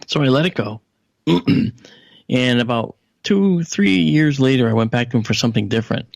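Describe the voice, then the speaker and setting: A man's voice: normal speed, vocal fry, dry recording. A man being interviewed as a guest analyst on a radio show, telling a long anecdote conversationally, full of asides and fillers. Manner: animated storyteller, raises his pitch to quote others.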